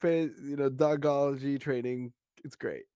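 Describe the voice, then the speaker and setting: A male podcast host explaining things in a relaxed, coaching way in casual conversation. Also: mid-range voice, normal speed, clean tone, no room sound.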